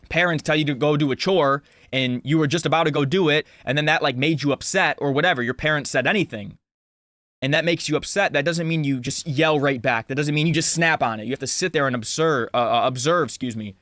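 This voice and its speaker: Young guy in his 20s giving earnest casual advice, somewhat high voice, dry close sound. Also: fairly bright tone, no echo. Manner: earnest, talks with lots of "like" and restarts. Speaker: vlogger. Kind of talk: casual motivational monologue.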